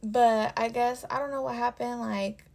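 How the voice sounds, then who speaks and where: A woman's voice: fairly high pitch, fairly even intonation, normal speed, vocal fry, darkish tone. A young woman telling a personal story in a casual vlog, swearing and filling her speech with "like.". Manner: casual and profane, with constant "like" fillers. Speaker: storytime vlogger.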